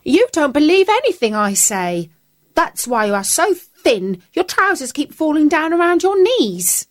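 Woman putting on a shrill scolding housewife. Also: big pitch swings, unhurried. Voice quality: high-pitched, shrill. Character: distressed, scolding, hungry housewife.

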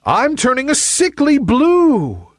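A stubborn little rain cloud who loves his rain, put on by a man reading a storybook. The voice is pushed high and squeaky, whining and lively. It is recorded close and dry. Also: normal speed, no room sound, heavily acted. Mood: frightened. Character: rain-loving young male rain cloud, stubborn.

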